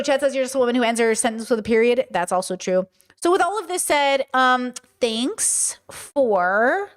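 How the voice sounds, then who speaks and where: High-voiced Valley girl streamer. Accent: California Valley girl. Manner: talkative, frequent "okay?" and "you know?" tags; mimics other people's voices and mannerisms. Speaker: streamer and podcast host. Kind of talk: livestream monologue, reading chat aloud.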